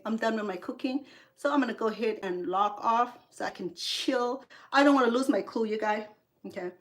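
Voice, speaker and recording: A woman from Cambodia, an English learner, hosting a cooking livestream and angrily scolding a rude viewer with heated sarcasm. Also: a little high. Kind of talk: angry livestream rant at a viewer.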